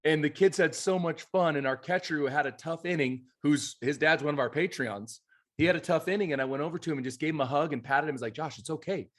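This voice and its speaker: Animated man telling coaching stories. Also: on the high side, fast. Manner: animated, emphatic storytelling. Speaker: youth baseball coach and podcast co-host. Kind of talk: casual chat.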